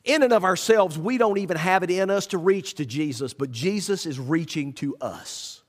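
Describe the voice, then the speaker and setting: A man preaching a sermon, folksy and animated in his storytelling. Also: high voice, moderate pace. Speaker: pastor. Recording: echoey church hall.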